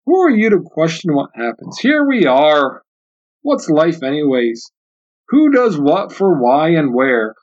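A man reading aloud as a tart old grandmother back from the dead, speaking slowly in a raised, pert voice. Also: a little high, big pitch swings. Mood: serene. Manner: pert, unbothered, slow and raised. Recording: dull lo-fi sound.

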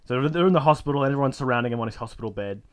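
Male podcast co-host, casual and joking, breaks into goofy impressions while retelling scenes. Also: lively intonation. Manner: acts out characters in quick squeaky put-on voices while retelling. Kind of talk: casual chat recapping a sitcom episode.

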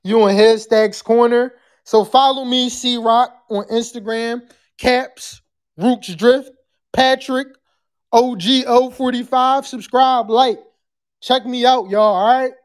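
A podcast host chatting live with callers and the chat, loud and profane, sometimes breaking into screams. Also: mid-range voice, fairly even intonation, slow.

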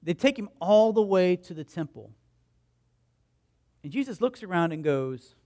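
This is a high-pitched male pastor preaching at a measured pace. He tells his sermon's stories in a chatty, animated way, performing the voices and crowd lines within them and putting questions to his listeners.

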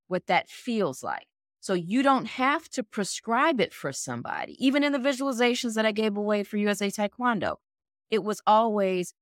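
A woman working as a mental performance coach, answering interview questions and walking through scenarios step by step in an animated way. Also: medium pitch, no echo, clean studio sound.

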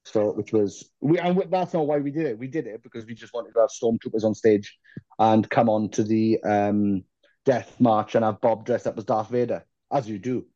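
A man rambles through self-deprecating stories in a casual interview, swearing now and then. His voice is mellow and dark, recorded close and dry. The sound is a little muffled. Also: on the low side, fairly even intonation, normal speed, no echo. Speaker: musician guest.

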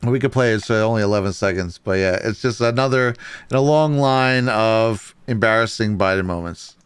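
Give me a chatty male livestream host with a crisp voice, tossing off casual remarks between viewer comments. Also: lowish voice, moderate pace. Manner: chatty, laughs often, says dude a lot. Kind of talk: casual political chat.

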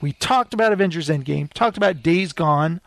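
A man with a high, light voice talks over a close, dry mic. He hosts a casual film chat and tells his stories with excitable, animated energy. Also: normal speed, gravelly, no room sound. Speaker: podcast host. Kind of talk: casual chat about films.

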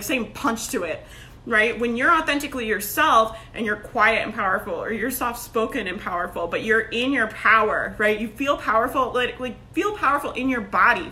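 A woman in her thirties giving a loud, emphatic motivational talk to camera, laughing often and peppering her speech with "like" and "right?". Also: a little high. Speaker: online business coach. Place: at home. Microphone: phone.

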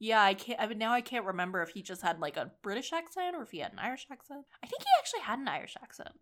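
A woman's voice: fairly high pitch, sing-song, racing, fairly bright tone. A woman co-hosting a podcast, chatting casually and sarcastically about a film, laughing often. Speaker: podcast co-host. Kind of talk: casual film review chat.

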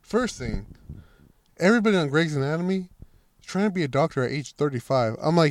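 A man's voice: fairly high pitch, quick pace, no room sound, clean studio sound. A young man co-hosting a podcast, swearing and riffing in crude casual chat. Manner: animated, swears, mocking impressions. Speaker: podcast co-host.

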